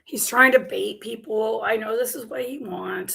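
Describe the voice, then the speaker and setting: A woman's voice: a little high, normal speed, creaky, a bit bright. A woman who is losing her voice and sick, ranting in exasperation and swearing as she reacts to a clip, with sarcastic asides. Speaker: commentary channel host. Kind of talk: reaction commentary rant.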